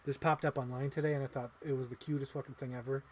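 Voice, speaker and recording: A man in his thirties hosting a casual livestream, rambling excitedly and swearing casually. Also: mid-range voice, fast. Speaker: livestream host.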